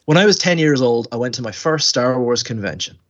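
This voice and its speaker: A man's voice: mid-range voice, brisk. Man telling a story, lo-fi sound. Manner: animated storyteller, acts out quoted voices, stammers. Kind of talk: casual storytelling chat. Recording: dull lo-fi sound.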